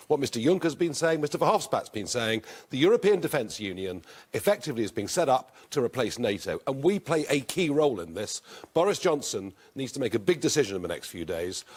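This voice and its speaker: A man answering questions in a televised debate, forceful and emphatic, repeating words for stress. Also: medium pitch. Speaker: party leader in a televised debate.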